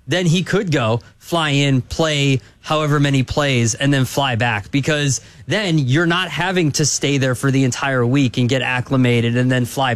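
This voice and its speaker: A man's voice: medium pitch, no echo. A man hosting a sports radio show, talking at length in a casual, hedging way. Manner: rambling, hedging with restarts.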